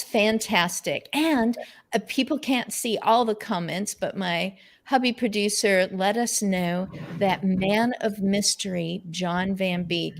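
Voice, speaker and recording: A woman hosting an unscripted video-call conversation, talking effusively and with enthusiasm. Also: medium pitch. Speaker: host.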